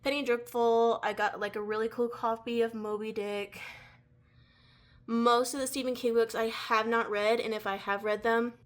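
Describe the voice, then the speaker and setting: A woman's voice: a little high, little pitch movement, moderate pace. Chatty young woman with a drawl. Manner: rambling, filler-heavy, chatty. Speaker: book vlogger. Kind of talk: casual vlog chat. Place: at home by her bookshelf.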